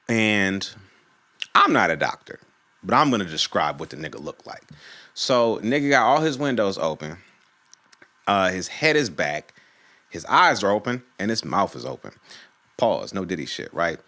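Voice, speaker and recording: A man's voice: fairly low pitch, very animated, moderate pace, pauses often, sharp tone. A man from Virginia telling a casual, profane story on his channel and acting out the people in it. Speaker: storytime YouTuber.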